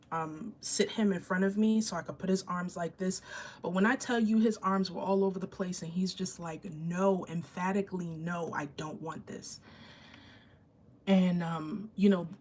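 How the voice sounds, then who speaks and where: A woman's voice: medium pitch, darkish tone. A woman vlogger and mother telling an emotional personal story to camera, earnest and candid, in a chatty way full of fillers. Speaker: vlogger and mother of an autistic child.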